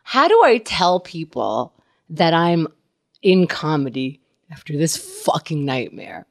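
A woman comedian tells a story in casual chat. Her pitch swings widely and she keeps breaking into laughter. She swears freely as she goes. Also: sing-song, slow, vocal fry. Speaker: comedian, podcast host.

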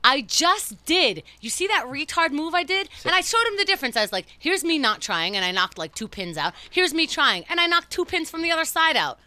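Lively high-voiced woman telling stories. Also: brisk, few pauses. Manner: animated, laughing, profane. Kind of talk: casual storytelling chat.

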